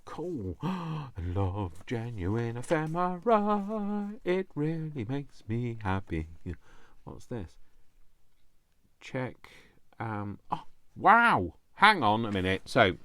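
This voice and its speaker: Excitable deep-voiced British man. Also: no room sound. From United Kingdom. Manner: rambling, excitable, over-explains. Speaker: crafting vlogger. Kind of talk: casual chat opening mail.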